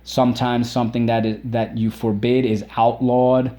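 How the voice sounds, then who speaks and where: A male teacher runs a spelling lesson for children, drilling words aloud and repeating them slowly and emphatically. He encourages the kids, asks questions and praises their answers. His voice is medium-pitched with a flat delivery and a dark tone.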